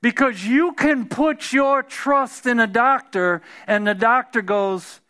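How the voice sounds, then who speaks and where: A male preacher with a high, lively pitch delivers a conversational sermon. He restarts phrases often and climbs to emphatic, forceful peaks. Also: takes it slowly, hardly any pauses, clear, resonant tone. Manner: conversational, repeats and restarts, builds to emphatic shouts.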